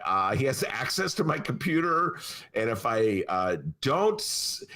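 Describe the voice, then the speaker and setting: A man hosting a casual political talk show, telling rambling stories that break into shouted rants. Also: a little high. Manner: rambling storyteller who breaks into ranting, shouted asides.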